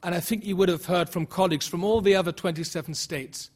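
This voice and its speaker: A man whose first language is German, speaking at a public debate with earnest rhetorical questions and halting restarts. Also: high voice, steady tone, darkish tone. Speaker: panel speaker.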